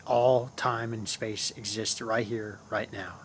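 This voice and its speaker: Taking it slowly in a fairly low, steady voice, this channel host rambles about spiritual ideas, saying things more than once and addressing viewers as guys. Slight background noise sits under the recording.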